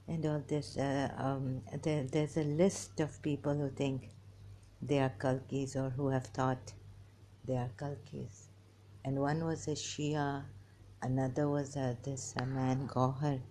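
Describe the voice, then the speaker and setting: A woman talking to her viewers in a rambling personal monologue, halting and giggly, often restarting and trailing off. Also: a bass voice, warm tone, a little hiss or hum. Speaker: vlogger.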